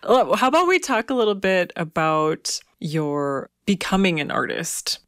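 A woman's voice: lowish voice, animated, a little slow, a bit bright, no room sound, clean studio sound. A woman interviewer asking curious, friendly questions.

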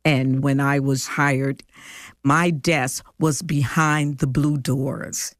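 Slow-spoken older woman from Detroit. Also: very deep voice, fairly even intonation, no echo, studio quality. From Detroit, USA. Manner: slow, heartfelt, reflective. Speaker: storyteller interviewed by family. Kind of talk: personal recollection.

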